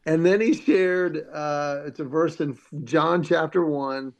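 Male comedian guest, lively storyteller, voices in his quotes, a little high-pitched. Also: slow pace. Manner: animated, acts out quoted voices. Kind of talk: storytelling interview.

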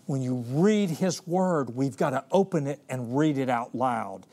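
A man preaching a sermon, telling a Bible story with slow, emphatic scripture reading and sudden hushed, quick asides. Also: mid-range voice.

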